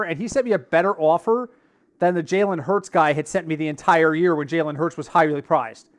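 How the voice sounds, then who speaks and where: He's a male podcast co-host with a higher-leaning voice and a fairly quick delivery, telling stories in relaxed chat and performing what each person in them said.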